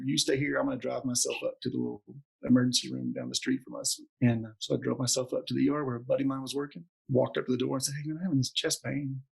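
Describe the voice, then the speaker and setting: A man's voice: mid-range voice, vocal fry, husky, poor audio. A man in his forties, a doctor telling a story in an interview and acting out the quotes with animation. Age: 40s. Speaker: podcast guest, doctor.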